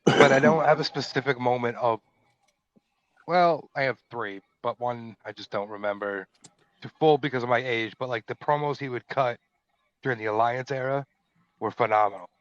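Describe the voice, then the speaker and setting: A man's voice: medium pitch, normal speed, fairly bright tone, no room sound. Hesitant man chatting, muffled dry audio. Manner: hesitant, self-correcting recollection. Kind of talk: casual chat.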